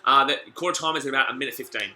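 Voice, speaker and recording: An excitable man with an Australian accent, from the Gold Coast, hosting a live sports watch-along, chatting to viewers and repeating himself as he reacts to the play. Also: medium pitch, racing, echoey room. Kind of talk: live-stream sports commentary and chat with viewers.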